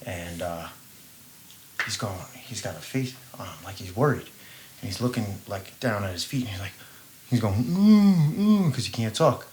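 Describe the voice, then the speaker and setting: A man's voice: deep voice, normal speed. Male podcast co-host; blunt, profane storyteller; faint noise. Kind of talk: casual podcast chat.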